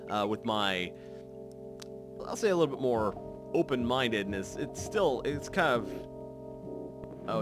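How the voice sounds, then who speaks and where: A man commentates his gameplay in a casual, rambling way. He stops and restarts often, piling up fillers, and his pitch rises and falls a lot. Faint guitar music plays behind him. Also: fairly bright tone. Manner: rambling, self-correcting, many fillers. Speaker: let's play host.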